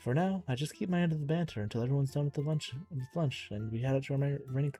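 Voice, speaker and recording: A man's voice: mid-range voice, fast talker, warm tone, faint music behind. A young man reading a visual novel's narration aloud on a live stream, sometimes tripping over words and restarting.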